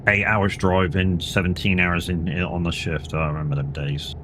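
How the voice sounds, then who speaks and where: A man's voice: low-pitched, little pitch movement, normal speed, background noise. A tired man streaming a game, chatting casually in a rambling way and swearing now and then. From England. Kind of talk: casual live-stream chat while playing.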